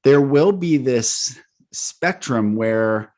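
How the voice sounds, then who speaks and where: A man's voice: mid-range voice, lively intonation, drawn-out words, darkish tone. A man hosting and coaching, talking emphatically and repeating key words as he lists them. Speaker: host, voice coach. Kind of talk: coaching conversation.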